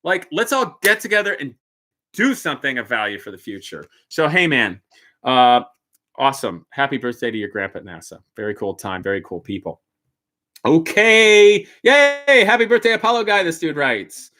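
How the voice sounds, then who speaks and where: A man's voice: medium pitch, very animated, normal speed, bright, forceful tone. A man hosting a live stream, reading and answering viewer questions in a blunt, joking way, laughing often and dropping into muttered asides. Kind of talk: casual live-stream chat.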